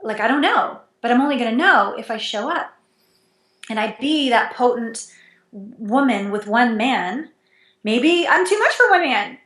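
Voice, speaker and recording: A fairly high-voiced woman speaking as a guest in a relaxed interview. She is animated and expressive, her pitch leaping up and down as she acts out little exchanges with a laugh in her voice. The sound is roomy and echoey. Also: unhurried. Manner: animated, wide pitch swings, laughs while acting out dialogue. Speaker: intimacy coach, interview guest. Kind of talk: casual interview conversation. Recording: echoey room.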